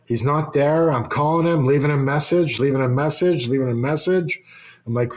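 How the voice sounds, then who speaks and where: A man's voice: fairly high pitch, moderate pace. A man, a former hockey player, telling a long casual anecdote in an interview, with restarts and the odd swear word.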